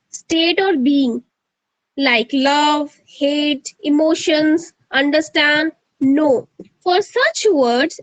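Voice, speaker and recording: An Indian English woman with a high, bright voice teaches grammar in a live online class. She keeps asking her students questions and slips into Hindi to prod them. Her voice sounds close and dry, with no room around it. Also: no room sound, rough recording.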